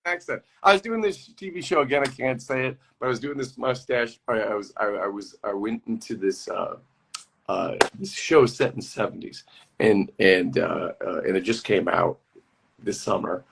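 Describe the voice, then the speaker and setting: A man being interviewed as a guest actor over a video call, telling rambling, animated stories in a casual chat and laughing easily. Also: fairly low pitch, moderate pace, gravelly, slight background noise.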